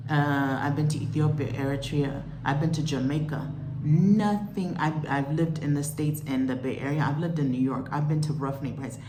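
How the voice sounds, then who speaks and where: A woman vlogger telling a frightening travel story in a rushed, shaken, exclaiming way, still upset as she speaks. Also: low-pitched, echoey room, background noise. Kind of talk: emotional storytime recounting.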